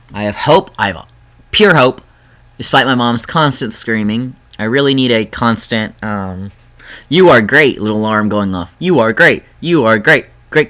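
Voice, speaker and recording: A young man talks straight to his viewers in an earnest, rambling personal vlog, breaking into laughs now and then. His voice is bright and sharp. The recording sounds dull and lo-fi. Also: mid-range voice. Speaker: vlogger.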